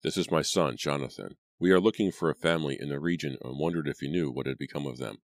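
A man's voice: very deep voice, fast, dry recording, clean studio sound. A man voicing a stern, harsh middle-aged farmer father in an audiobook, curt and commanding.

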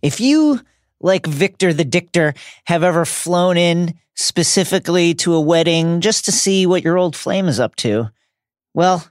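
A man's voice: high-pitched, no echo, studio quality. A man co-hosting a podcast in casual banter, joking and laughing often. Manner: jokey, animated, laughs often. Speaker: podcast co-host.

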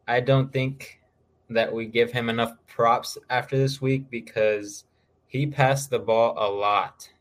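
A man co-hosting a podcast, casually talking through player stats with plenty of filler uhs. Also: medium pitch. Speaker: podcast co-host. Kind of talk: casual fantasy football chat.

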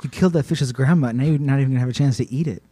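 On a podcast, a man casually tells a creepy folk tale, stretching out words for spooky effect and laughing along in a playful way. His mid-range voice is mellow with a breathy edge.

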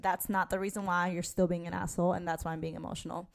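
A woman's voice: fairly low pitch, level tone, quick pace, vocal fry. Chatty New woman, casual swearing. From New York. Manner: chatty, swearing, many fillers and restarts. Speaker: podcast host. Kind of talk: casual chat.

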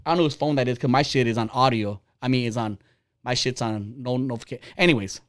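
A man's voice: mid-range voice, fast. A man in his forties hosting a podcast, ranting bluntly and heatedly with lots of swearing. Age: 40s. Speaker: podcast host. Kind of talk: casual ranting podcast talk.

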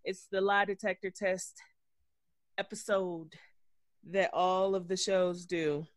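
A man co-hosting a podcast, recapping reality TV in an animated, gossipy way with plenty of cursing. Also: high-pitched, slow, no echo, clean studio sound. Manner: animated, gossipy, profane storytelling. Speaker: podcast co-host. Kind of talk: casual reality-TV recap chat.

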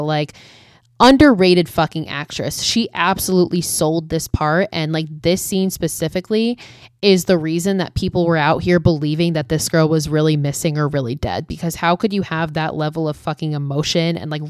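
A woman's voice: low-pitched, clean tone, dry recording, clean studio sound. A young woman casually recapping a horror film, chatty and swearing often, with lots of "like". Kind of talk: casual chat.

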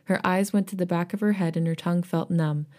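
A woman with a lowish, darkish voice and fairly even intonation co-hosts a podcast, briskly reading fan fiction aloud. Between passages she chats casually, and laughter breaks in.

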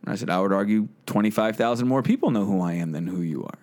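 A man's voice: lowish voice, fast talker. A podcast host telling a story in a casual chat. He swears freely and acts out the lines he quotes. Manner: animated, swearing, acting out quotes.

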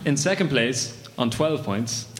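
A man's voice: mid-range voice, expressive, unhurried. A man hosting a live podcast show, joking and wry as he announces results. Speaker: podcast host. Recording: echoey room, noisy live recording.

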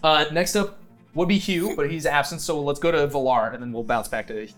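A man running a tabletop game as game master, narrating in an animated, laughing way. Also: on the high side, a little fast, soft background music.

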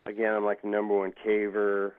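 A man with a lowish voice and an entirely flat delivery talks at a moderate pace as a podcast guest. The line sounds tinny, like a phone, and his casual stories wander, full of swearing and acted-out quotes.

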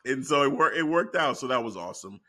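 Bright-voiced excitable man chatting. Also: mid-range voice, fast. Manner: excitable, acts out quotes with big laughs. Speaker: wrestling podcast co-host. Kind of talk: casual chat.

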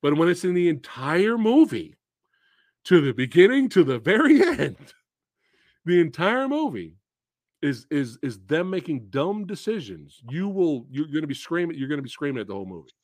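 A man's voice: a little high, sing-song, moderate pace, no echo, clean studio sound. A man hosting a podcast, chatting casually about movies and ranting with exasperation and profanity. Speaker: podcast host.

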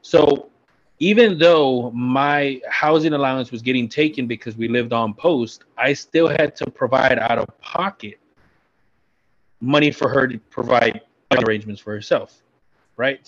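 A man's voice: mid-range voice, normal speed. A man in casual chat telling a blunt, profane story from his army days. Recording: dull lo-fi sound.

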